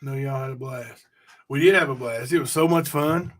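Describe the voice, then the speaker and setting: A man with a medium-pitched, somewhat bright voice talks fairly quickly while hosting a casual livestream. He rambles, reads out viewer comments, and speaks directly to his chat.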